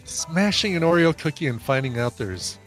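A man co-hosts a podcast in casual banter and agrees easily. His voice sits a little high and moves expressively up and down. Faint music plays behind him at times. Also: animated, normal speed, fairly bright tone. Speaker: podcast co-host. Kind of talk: casual chat.

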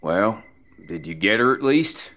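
A man doing a gruff, soft-spoken tough guy. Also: fairly low pitch, sing-song, a little slow, voice pushed up. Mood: exasperated.

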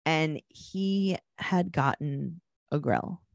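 Low-voiced sarcastic woman podcaster. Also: drawn-out words, creaky, dry recording. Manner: animated, sarcastic, acts out quotes. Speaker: podcast co-host. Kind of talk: casual chat recapping a reality show.

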